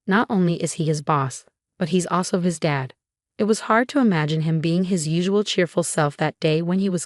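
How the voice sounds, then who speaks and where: Woman reading a story, steady and even, lowish voice, dry no-room sound. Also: no echo. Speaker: narrator. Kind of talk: scripted first-person story narration.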